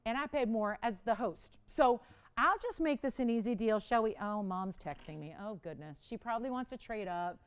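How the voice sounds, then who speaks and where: A woman hosting a live TV jewelry auction, chatty and pleading, quick to laugh. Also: fairly high pitch, expressive, smooth. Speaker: live shopping host. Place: TV studio.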